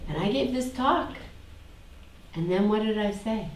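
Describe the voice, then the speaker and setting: Animated woman teacher in an echoey room. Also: mid-range voice, unhurried, slight background noise. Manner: animated, repeats phrases in mock voices, asks the class questions. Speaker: spiritual teacher. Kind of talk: teaching a class. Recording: echoey room, mic far off.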